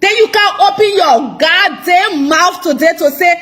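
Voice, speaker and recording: Woman, Liberian English accent, very high voice, angry scolding rant, insulting and repetitive. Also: animated, moderate pace, hardly any pauses, a bit bright. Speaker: online commentator.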